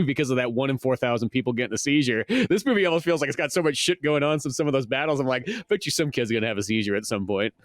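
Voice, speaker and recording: A man's voice: medium pitch, fast talker, few pauses, no room sound. Brief: male podcast co-host, rambling and profane, dry close sound. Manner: rambling, many fillers, swears and laughs often. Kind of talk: casual movie review chat.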